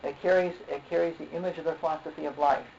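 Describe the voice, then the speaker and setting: A man preaching a sermon in a halting way, repeating words, often saying okay and clearing his throat. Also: fairly high pitch, fairly even intonation, darkish tone. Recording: dull lo-fi recording with faint noise.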